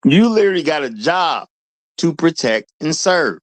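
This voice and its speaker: A man's voice: a little high, big pitch swings, moderate pace, no echo. A man voicing an entitled woman who demands police protection, in a mocking, indignant manner.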